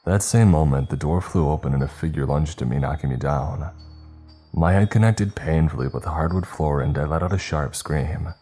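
A man narrating a first-person story in a steady, even retelling. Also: a bass voice, normal speed, breathy edge, soft background music.

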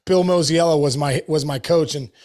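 A middle-aged man, a former baseball player, telling stories on a podcast in an animated, casual way, laughing often and calling people "dude.". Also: a little high, moderate pace. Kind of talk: casual storytelling.

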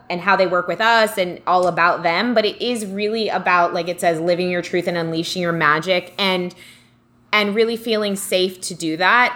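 Bright-voiced chatty woman podcast co-host. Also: on the low side. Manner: chatty, enthusiastic, many "like"s. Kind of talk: casual chat about books.

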